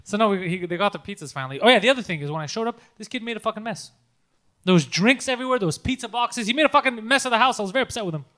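Fast-talking man telling a story. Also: sits high, animated, pushed and bright. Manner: storytelling, swearing, laughing often. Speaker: podcast co-host. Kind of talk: casual comedy podcast chat.

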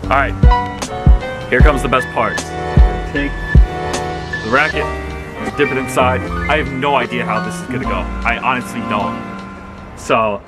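Young male vlogger, relaxed and chatty, camera mic, mid-pitch voice. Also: a little slow, pauses often, over loud music. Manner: chatty, thinks aloud while choosing. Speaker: tennis vlogger. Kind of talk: casual vlog narration.

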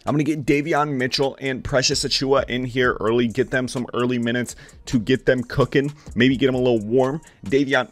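A young man giving play-by-play commentary while playing a basketball video game at home, hyped and swearing, calling plays like a broadcaster. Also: medium pitch. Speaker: gaming YouTuber. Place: home room, worried about neighbors.

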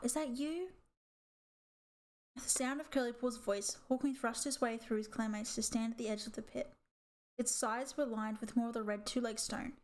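A woman reading a children's animal novel aloud as audiobook narration in a steady storytelling way. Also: on the high side. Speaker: audiobook reader.

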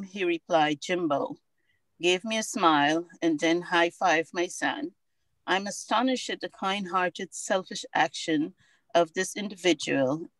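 Woman reading out loud on a video call, slightly low voice, dry sound. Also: no echo.

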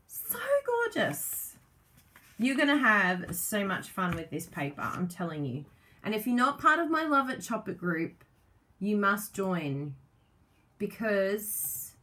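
Gushing, lively woman chatting on a live stream. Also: medium pitch. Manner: gushing, excitable, chatty with viewers. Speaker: craft product demonstrator. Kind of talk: live-stream unboxing chat.

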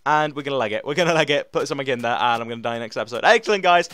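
A young man rambling excitedly through let's play commentary as he builds in a game, with lots of fillers. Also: mid-range voice, rapid-fire. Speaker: gaming host.

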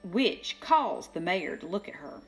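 Older lady reading kids a storybook, slow, pitch jumping all over, faint music behind. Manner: slow, lively voices for each character. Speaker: children's book reader. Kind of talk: storybook read-aloud.

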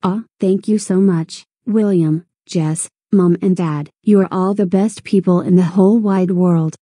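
Sweet cartoon girl, a woman voicing her, dark husky voice, dry. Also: fairly low pitch, steady tone, unhurried, no room sound.

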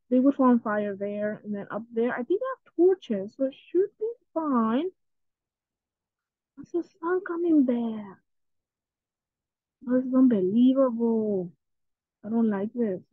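Woman talking over her game, kinda scaredy and rambly, highish voice, tinny phone sound. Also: no echo. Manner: chatty and jittery, repeats herself, gets easily scared. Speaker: gaming channel host. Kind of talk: casual gameplay commentary.

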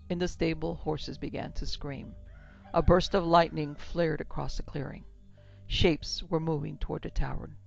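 A woman narrates a horror tale steadily and dramatically. Her voice is gravelly. The recording sounds dull and lo-fi, with faint music. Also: low voice, steady tone, moderate pace, a little mellow.

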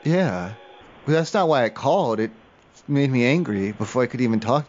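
A man's voice: medium pitch, expressive, normal speed, darkish tone. Whiny prank-calling man, muffled. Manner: whiny, emotional, easily offended. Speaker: prank caller. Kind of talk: prank phone call.

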